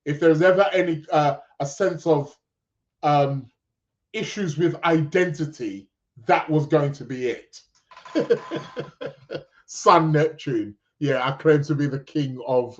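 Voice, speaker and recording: A man chats his way through an astrology podcast, wandering off topic and chuckling as he goes. His voice sits a little high, and it comes through a dull, lo-fi recording. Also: slow, pauses often. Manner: rambling, chuckling, lots of fillers and restarts. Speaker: podcast host. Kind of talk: casual astrology podcast chat.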